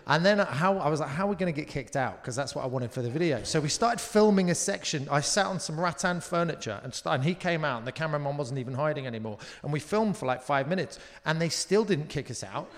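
British comedian telling a story in a reverberant hall. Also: male voice, on the high side, quick pace, hardly any pauses. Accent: British English. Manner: lively anecdote telling with mimicked quotes, casual swearing. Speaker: comedian guest. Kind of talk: live talk show storytelling. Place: live venue stage. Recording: long reverb of a live venue.

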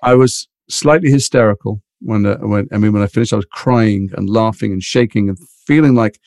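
A middle-aged actor telling animated anecdotes in an interview, acting out other people's voices. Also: male voice, fairly low pitch, fairly quick, no room sound, studio quality. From England. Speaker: actor guest.

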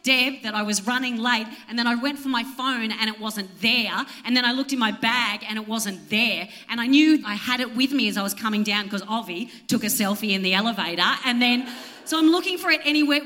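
A woman's voice: sits high, bright, forceful tone. An Australian woman in her thirties telling an exasperated, self-mocking story as live stand-up on a theatre stage. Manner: exasperated, self-mocking, swears, acts out other people. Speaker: comedian co-hosting a live podcast. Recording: reverberant live theatre recording.

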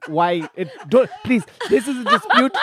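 A man's voice: high-pitched, huge pitch swings, moderate pace, crowd noise, pitched above the performer's own voice. A man voicing an anxious, formal Nigerian prince with a put-on Nigerian accent, speaking in stiff, formal phrases. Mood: pleading. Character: formal, anxious adult male Nigerian prince afraid of the sea.

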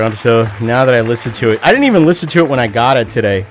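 A man's voice: mid-range voice, lively intonation, fast, hardly any pauses, a crowd in the background, noisy background. A man hosting a show, chatting casually and running himself down after playing a clip. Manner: self-deprecating, chatty. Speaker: radio show host. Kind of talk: casual host talk.

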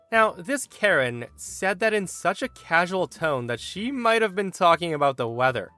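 A man narrating a Reddit story aloud in an animated, expressive way. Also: high voice, unhurried, hardly any pauses, no room sound, faint music behind.

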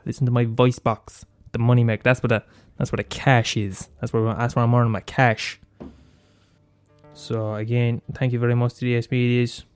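A man's voice: mid-range voice, a little mellow, clean tone, no room sound. Sweary Irish man ranting on a podcast. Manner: sweary, blunt, self-mocking, repeats lines for effect. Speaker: podcast host. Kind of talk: solo comedic podcast rant.

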